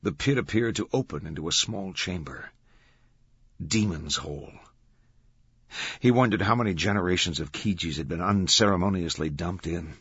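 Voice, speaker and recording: A man narrating an audiobook in a measured, dramatic reading. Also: low voice, fairly bright tone, breathy edge, dry recording. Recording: dull, dry studio sound.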